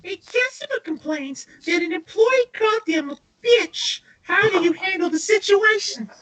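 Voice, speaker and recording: Elmo, squeaky puppet monster. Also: male voice, animated, sharp tone, exaggerated voice, low-quality recording. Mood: playful. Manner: slow, squeaky, strained falsetto. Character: squeaky high little red puppet monster, male.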